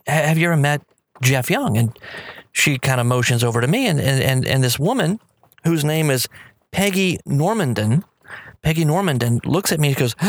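A man's voice: medium pitch, a bit bright, no room sound. A man hosting a podcast in a casual solo monologue, rambling and enthusiastic with many fillers and restarts. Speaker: podcast host.

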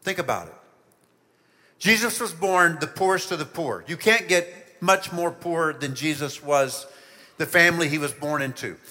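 Bright, high-voiced pastor in a reverberant church. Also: male voice, normal speed. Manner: animated storytelling, asks listeners questions. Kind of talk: children's sermon.

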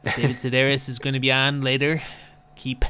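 A man doing an impression of a deadpan male public radio storyteller, talking in a flat monotone. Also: mid-range voice, a little fast, a little hiss or hum, natural voice.

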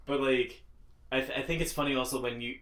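A man's voice: medium pitch, steady tone, fast, fairly bright tone. A man co-hosting a podcast in laid-back casual chat, laughing a lot and talking in loose restarts. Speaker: podcast co-host. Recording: roomy echo.

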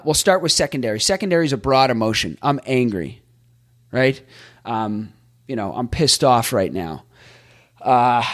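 A man hosting a podcast, recapping on his own in a chatty way, thinking out loud and tossing in rhetorical questions. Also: medium pitch. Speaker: podcast host.

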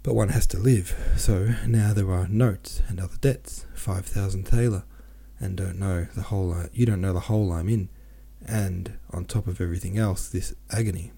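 A man's voice: deep voice, fairly even intonation, normal speed, creaky, hardly any pauses, mellow, breathy edge, full character voice. A man voicing an anxious, self-pitying middle-aged merchant who rambles in a plaintive, restless way, in an audiobook reading. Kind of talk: audiobook character voice.

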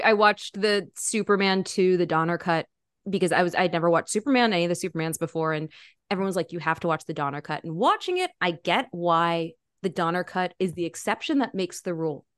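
A woman's voice: lowish voice, brisk, dry recording. Enthusiastic woman, dry close sound. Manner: animated, enthusiastic. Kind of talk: casual film discussion.

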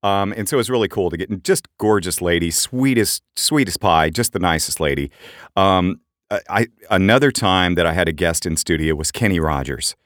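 A middle-aged man co-hosting a podcast, telling animated anecdotes in casual chat and jumping up in pitch for quoted voices. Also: a little fast, no room sound, clean studio sound. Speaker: podcast co-host.

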